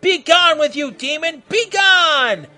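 A man voicing an angry young male monk fighter yelling challenges. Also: animated, slow pace, faint music behind, exaggerated voice. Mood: enraged. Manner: shouting high battle cries.

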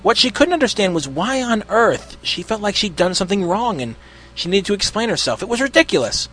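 A man narrating a story in an expressive reading. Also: sits high, brisk. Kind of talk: storybook reading of fan fiction.

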